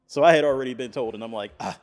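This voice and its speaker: A man guesting on a business podcast, speaking emphatically as if preaching to the room. His pitch is middling and he keeps checking in with "all right?" as he drives each point home. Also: very fast, faint music behind. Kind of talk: casual podcast conversation.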